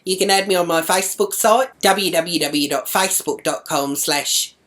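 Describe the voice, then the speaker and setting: An Australian woman with a notably low, deep-set voice tells her story straight to camera. She rants with indignation and swears at nearly every turn, in the coarse manner of a comic vlogger. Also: moderate pace, a bit bright.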